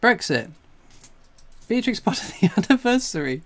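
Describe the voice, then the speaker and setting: Laughing and exclaiming, a high-voiced Englishman runs an excited live stream on coin collecting at a normal speed. He comes across as breathless with excitement.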